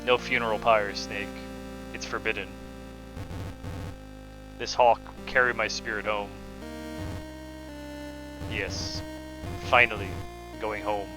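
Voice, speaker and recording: A man voicing a dying male game villain, reading the lines quietly and somberly. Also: fairly low pitch, little pitch movement, slow, long pauses, music in the background, low-quality recording. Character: dying bitter male villain, lifelong outsider. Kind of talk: reading game dialogue aloud.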